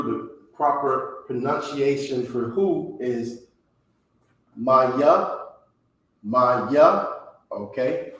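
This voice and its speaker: A man teaching a language class, pronouncing words slowly and checking in with "okay?" after nearly every phrase. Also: mid-range voice, slight background noise. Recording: very echoey room.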